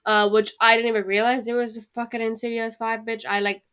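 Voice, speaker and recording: A woman's voice: on the high side, level tone, brisk, a bit bright, clean tone. A young woman co-hosting a podcast, chatting bluntly with lots of cursing and ums. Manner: blunt, profane, with many ums. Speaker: podcast co-host. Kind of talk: casual chat.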